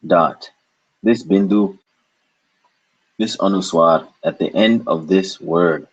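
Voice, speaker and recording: A man's voice: low-pitched, slow, long pauses, husky. A man teaching a recorded language lesson, explaining patiently and asking and answering his own questions. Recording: dull lo-fi recording.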